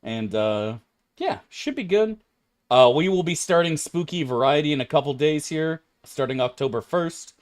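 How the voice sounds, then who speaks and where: A man streaming a video game, talking in a casual, animated, profane way and laughing often. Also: a little high, normal speed.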